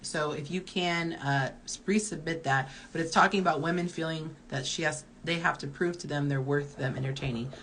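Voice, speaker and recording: A woman in her early forties runs a live-stream Q&A as a dating coach, candid and chatty as she reads viewer comments aloud. Her voice sits a little low, with a faint hiss of background noise under it. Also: steady tone, normal speed, hardly any pauses, a bit bright. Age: early 40s.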